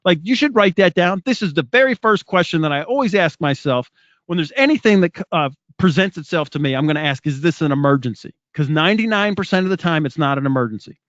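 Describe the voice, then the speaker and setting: Middle-aged male speaker, high voice, lively motivational teaching, dry and muffled recording. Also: fast talker, no echo. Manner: rhetorical questions, animated. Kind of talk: motivational talk.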